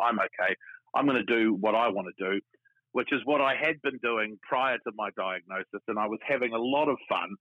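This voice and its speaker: A man's voice: medium pitch, no echo. A man, telling his own story frankly and chattily as an interview guest. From New Zealand. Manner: frank, chatty, many restarts. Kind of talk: casual personal storytelling. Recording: tinny phone line, dry.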